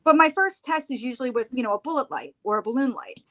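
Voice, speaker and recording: A woman telling a story in casual chat, animated and laughing as she acts out what people said. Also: high voice, fast. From United States. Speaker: tattoo artist and paranormal investigator.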